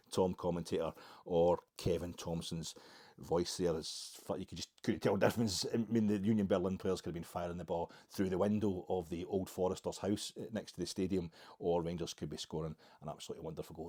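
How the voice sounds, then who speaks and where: An older Scottish man hosts a football podcast in a low, dark, husky voice. He talks fast in a wry, sarcastic way and rambles through self-mocking asides. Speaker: podcast host. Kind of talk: casual football podcast monologue.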